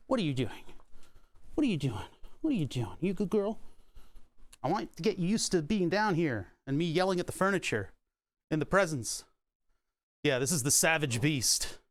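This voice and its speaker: A man streaming from his workshop in casual chat, talking to his puppy in a high sing-song baby voice and laughing often. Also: a bit bright, no room sound.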